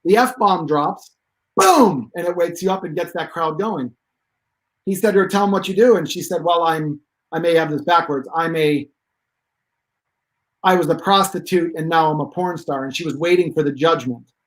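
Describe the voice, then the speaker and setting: High-voiced, energetic male storyteller. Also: normal speed, poor audio. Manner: energetic, emphatic, rambling asides. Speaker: guest expert on pain relief. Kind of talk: animated storytelling.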